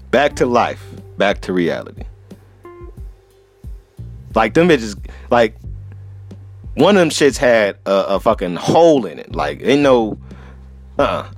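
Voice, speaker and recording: A man's voice: on the low side, very animated, slow, long pauses, faint music behind. A man hosting a solo podcast, telling a travel story in a profane, laughing, casual way. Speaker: podcast host.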